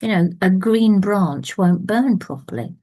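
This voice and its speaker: A woman's voice: medium pitch, lively intonation, unhurried, mellow. A woman voicing a weary wounded male warrior who speaks earnestly and pleads in a storytold tale. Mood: insistent.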